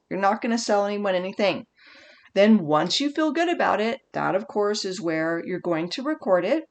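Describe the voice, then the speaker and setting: In a mid-range voice, a woman who teaches speech delivers an online lecture that was recorded. Her tone is energetic and casual, with frequent self-corrections mid-sentence.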